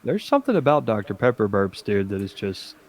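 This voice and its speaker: A man's voice: on the low side, big pitch swings, fairly quick, darkish tone. Male co-host, casual podcast banter, sarcastic and crude, swears often.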